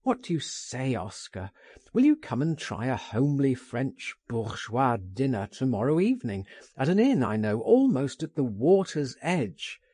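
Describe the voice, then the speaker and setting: A male narrator reads a first-person story in a slow, measured way, his voice husky and mellow. His pitch moves a lot as he coaxes and persuades, and the recording is dry and close. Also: big pitch swings, no echo. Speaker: audiobook narrator.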